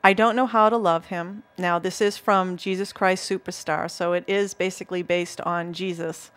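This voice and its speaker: A woman's voice: fairly low pitch, steady tone, normal speed, fairly bright tone. Chatty Boston woman co-hosting. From Massachusetts. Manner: chatty, laughs easily, enthusiastic storytelling. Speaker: co-host. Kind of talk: casual chat.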